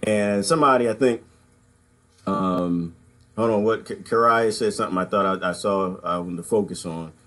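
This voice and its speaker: A man's voice: low-pitched, moderate pace, a bit bright. A man giving casual livestream commentary, rambling and conversational, calling his viewers y'all and chuckling between points. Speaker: political commentary vlogger.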